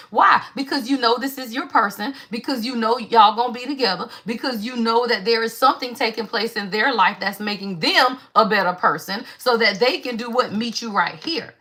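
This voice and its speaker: A woman reading tarot cards to her viewers in a chatty, animated way, asking questions and answering them herself. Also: fairly high pitch. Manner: chatty, repeats "y'all" constantly; animated call-and-response questions. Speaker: spiritual tarot reader. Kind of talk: casual tarot reading livestream.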